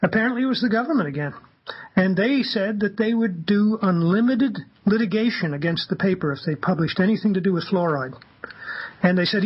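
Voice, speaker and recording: A man, a radio guest, telling anecdotes in an animated way and acting out the quoted dialogue. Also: high voice, breathy edge, lo-fi sound. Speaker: guest, campaigner. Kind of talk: anecdotal storytelling on a radio talk show.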